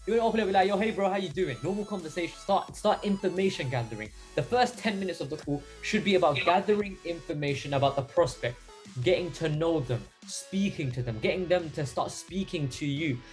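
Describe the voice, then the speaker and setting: A young man coaching his team in a casual, energetic training talk, with many fillers along the way. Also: a little high, brisk, soft background music. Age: young adult. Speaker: sales mentor.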